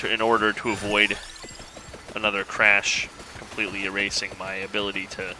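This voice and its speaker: A man casually commenting on his own gameplay, thinking aloud in a relaxed, rambling way. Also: on the low side, a little hiss or hum, low-quality recording. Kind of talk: casual let's-play commentary.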